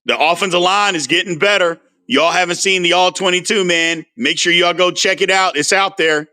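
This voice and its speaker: Man, bright tense voice, animated, casual livestream host, talks back to chat. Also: sits high, normal speed. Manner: animated, answers viewer comments by name. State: frustrated. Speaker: sports talk host.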